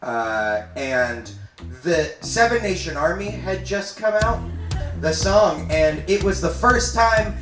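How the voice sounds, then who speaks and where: A man in his twenties telling a comic story live on stage, animated and laughing as he goes. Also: sits high, takes it slowly, far from the mic, soft background music. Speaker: comedian. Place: stage in a venue. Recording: roomy live stage recording from afar.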